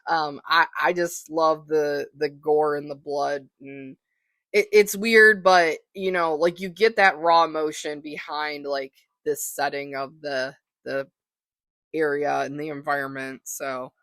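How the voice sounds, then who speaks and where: A podcast host rambling through a casual solo monologue, full of ums and likes and easy self-deprecation. The voice sits at a middling pitch. The sound is dry and close, with no room ring. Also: fairly even intonation, measured pace, a bit bright, no echo.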